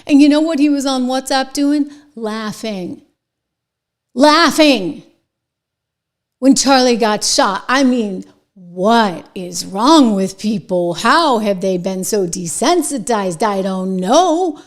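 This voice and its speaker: Woman host, political commentary, indignant, loud bursts then whispers, higher voice. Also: expressive, measured pace. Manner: indignant, swings between loud outbursts and hushed whispers.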